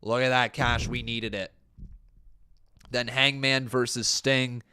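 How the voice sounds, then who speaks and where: A young man casually commentating on a wrestling video game, excitable and jokey. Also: medium pitch, takes it slowly, clean tone. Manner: excitable, jokey, breaks into chants. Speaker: gaming streamer.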